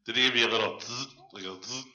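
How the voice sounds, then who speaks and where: A man's voice: medium pitch, fast talker, pushed and bright. A man hosting a casual chat, teasing his guests in a dry, offhand way. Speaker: host. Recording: roomy room echo.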